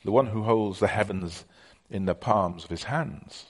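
A man's voice: lowish voice, unhurried, a little mellow. A middle-aged man preaching a conversational sermon, telling stories with many fillers.

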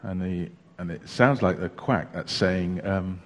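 A man preaching a sermon in a church, telling stories in a chatty, unhurried way with small hesitations. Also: low-pitched. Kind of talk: sermon with a joke. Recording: long reverb of a church hall.

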